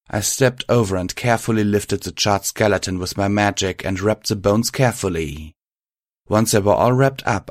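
A man reading first-person fan fiction aloud in a measured, reflective manner. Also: lowish voice, dry recording, clean studio sound. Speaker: audiobook reader.

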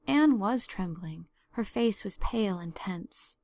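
A woman narrating a story as an audiobook reader, measured and expressive. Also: mid-range voice. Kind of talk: scripted narration.

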